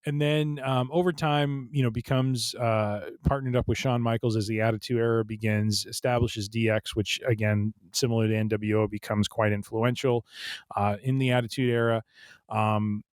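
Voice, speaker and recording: A man's voice: mid-range voice, flat delivery, normal speed, clear, resonant tone, no room sound. A man co-hosting a casual podcast chat, rambling with lots of fillers and restarts. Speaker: podcast co-host.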